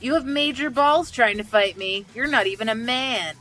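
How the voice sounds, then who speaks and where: A woman's voice: on the high side, normal speed, sharp tone, soft background music. A woman voicing a brutish, cruel male devil gang leader who taunts with snarling, mocking threats. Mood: taunting.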